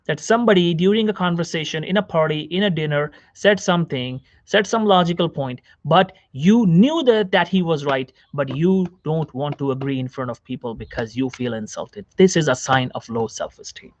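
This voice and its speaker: Slightly high man giving a self-help talk. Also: animated, normal speed, hardly any pauses, dull audio. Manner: repeats phrases, asks the viewer questions. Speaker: doctor giving a psychology talk. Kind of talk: direct-to-camera self-help lecture. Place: seated on a chair.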